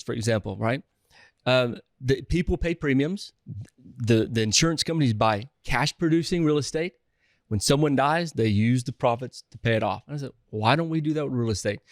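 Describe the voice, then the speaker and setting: A man with a Southern accent, a real estate investor telling stories in a casual interview, energetic and rambling with many restarts. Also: medium pitch, dry recording, clean studio sound.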